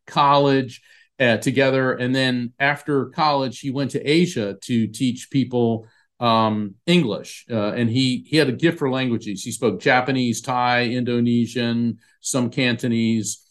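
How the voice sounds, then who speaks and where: A man, an author being interviewed, telling a personal story in an earnest, emotional way with frequent restarts. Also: medium pitch. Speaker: author and podcast guest.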